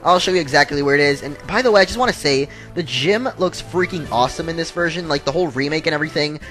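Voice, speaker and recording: A man's voice: on the high side, fast, fairly bright tone, soft background music. Rambling man narrating a game. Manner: rambling, loose, lots of fillers and asides. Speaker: let's play host. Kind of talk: casual gameplay commentary.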